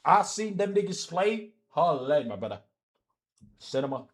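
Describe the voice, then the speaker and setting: A man's voice: a little high, big pitch swings, unhurried. A man live streaming, ranting heatedly and profanely about soccer, repeating himself as he argues with his chat.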